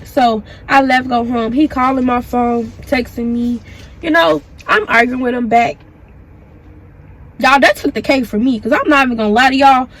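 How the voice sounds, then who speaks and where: A young woman vlogger casually retelling a personal story, animated and profane, acting out the back-and-forth. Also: high-pitched, moderate pace. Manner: animated, profane, acts out the dialogue.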